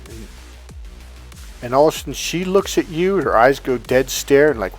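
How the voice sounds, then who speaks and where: A man's voice: on the high side, fairly quick, faint music behind. A man in his fifties giving dating advice straight to camera, bluntly and casually swearing, acting out bits of dialogue as he goes. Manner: animated, acts out quoted dialogue. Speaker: dating coach. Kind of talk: direct-to-camera coaching monologue.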